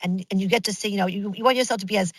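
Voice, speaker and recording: Chatty, animated middle-aged woman storyteller. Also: medium pitch, racing, no echo, rough recording. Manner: animated, chatty, with many restarts and acted-out quotes. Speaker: guest. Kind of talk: casual storytelling interview.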